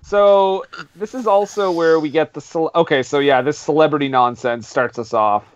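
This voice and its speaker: A man hosting a casual podcast chat, excitable and laughing often. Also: on the high side, a little fast, no room sound, muffled recording. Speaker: podcast host.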